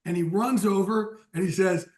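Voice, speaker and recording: A man guesting on a sports podcast, telling an animated anecdote and laughing often as he goes. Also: high-pitched, normal speed. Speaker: guest football insider.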